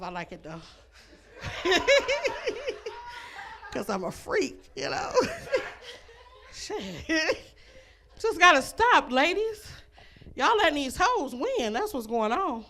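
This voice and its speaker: A brash woman doing stand-up into a handheld mic on a club stage. Her voice sits high and bright, swinging widely up and down as she works the crowd, breaking into laughs at her own lines. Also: big pitch swings, slow pace, long pauses, a little hiss or hum. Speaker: stand-up comedian. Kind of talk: stand-up comedy set.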